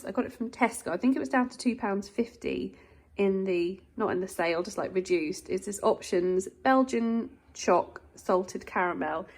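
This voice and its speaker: A woman chats easily to her viewers as she films herself on a handheld camera. Her voice sits in an ordinary middle pitch, and her talk is relaxed and homely as she moves through the house and out to the greenhouse. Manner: chatty, talks straight to viewers. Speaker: vlogger. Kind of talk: casual vlog chat. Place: home and garden greenhouse.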